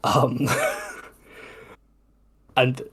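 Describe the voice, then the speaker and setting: A man's voice: very slow, fairly bright tone. A man running a tabletop game as game master, describing scenes in a meandering way full of "like". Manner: meandering, hedging with "like".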